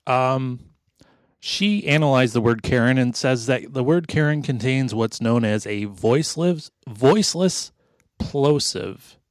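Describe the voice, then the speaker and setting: A male podcast co-host with a mid-pitched voice, dry and wry, dropping profanity while he walks through his research. He is recorded close on a mic in a dead, dry space. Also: a little slow, dry recording. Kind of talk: casual podcast chat.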